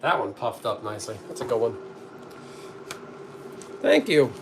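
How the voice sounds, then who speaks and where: A man's voice: medium pitch, big pitch swings, a little slow. A middle-aged man chatting casually to the camera while he cooks, reading out comments with a dry, joking manner. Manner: dry, joking, talks to the camera while working, coughs often. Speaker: streamer cooking on camera. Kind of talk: casual live-stream chat reading comments. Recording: clear background noise behind the voice.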